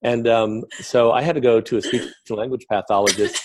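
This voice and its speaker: A man as an interview guest, talking in a relaxed, chatty way with self-deprecating jokes. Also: mid-range voice, brisk, noisy background. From Northern New Jersey, USA. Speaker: guest, clinical consultant.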